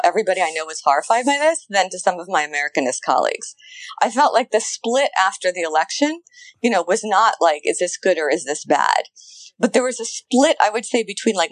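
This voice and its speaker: A woman intellectual historian in a conversational interview, animated and quick, repeating words as she talks. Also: mid-range voice, no echo, low-quality recording.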